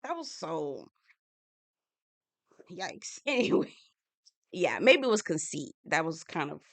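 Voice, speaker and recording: A young woman giving a sassy, animated casual recap of a reality TV episode. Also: deep voice, slow pace, creaky, no echo. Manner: sassy, animated, acts out quoted lines. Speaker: TV recap reviewer.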